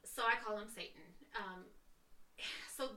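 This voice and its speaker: A woman's voice: medium pitch, a little slow, pushed and bright. A woman, a podcast co-host telling a story in casual, profane chat and acting out the dialogue.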